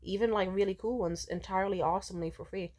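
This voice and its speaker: A young woman vlogging a candid personal update, rambling with lots of fillers and swearing, jumping from loud outbursts to hushed asides. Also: mid-range voice, steady tone, fast talker. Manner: swings between loud outbursts and hushed, near-whispered asides.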